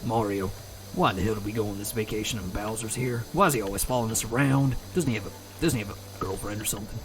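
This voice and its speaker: Grumbling princess voiced by a man, exasperated ranting, deliberately rough and silly. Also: lowish voice, slight background noise, close to an everyday voice, poor audio. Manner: exasperated, complaining rant.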